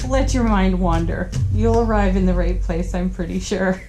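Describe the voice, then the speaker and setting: A woman doing a tarot card reading, earnest and gentle, tired, often giggling at herself. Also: mid-range voice, unhurried, pauses often, background noise. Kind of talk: spiritual card reading to camera.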